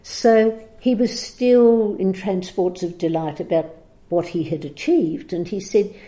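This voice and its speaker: A woman's voice: mid-range voice, measured pace, warm tone. A woman telling a long anecdote on a recorded program, chatty, with frequent laughs, ums and restarts. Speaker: guest storyteller.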